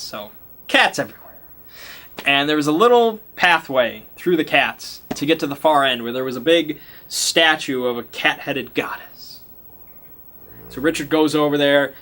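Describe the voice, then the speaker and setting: A man's voice: fairly high pitch, pushed and bright. A man game master casually retelling a tabletop game session, laughing often and swearing casually.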